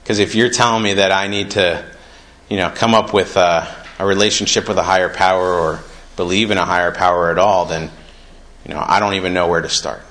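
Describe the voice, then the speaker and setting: Young guy sharing at a meeting, really low voice but bright and forceful, reads bits out then chats about them. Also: steady tone, fairly quick, rough recording. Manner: earnest and conversational, reads passages aloud then reflects. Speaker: recovery meeting speaker. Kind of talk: personal share reading from a recovery book.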